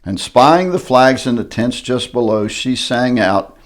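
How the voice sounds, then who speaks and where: A man's voice: mid-range voice, animated, measured pace. Older man reading a storybook, sing-song. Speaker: grandfather reading aloud. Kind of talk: reading a picture book aloud.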